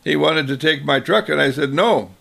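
A man voicing an eager, whiny little boy in a spoken parable, with high, breathless chatter. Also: moderate pace, creaky, a bit bright, full character voice. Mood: pleading.

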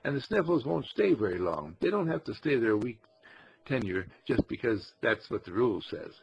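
Man, spiritual teacher, inspirational talk, gravelly, raspy, lively pitch. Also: normal speed, highs cut off. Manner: acts out little quoted scenes, animated.

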